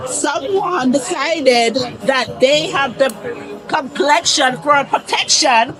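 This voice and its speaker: A high-pitched woman argues with police, dismissive and defiant. She repeats herself and refuses to cooperate. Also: takes it slowly, fairly bright tone, soft background music. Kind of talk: heated bodycam confrontation.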